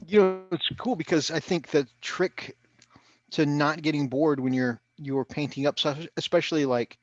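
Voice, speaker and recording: A man's voice: on the high side, fairly even intonation, highs cut off. Chatty man hosting a hobby stream. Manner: chatty, laughs often, quick asides. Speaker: co-host of a hobby livestream. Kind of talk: casual chat.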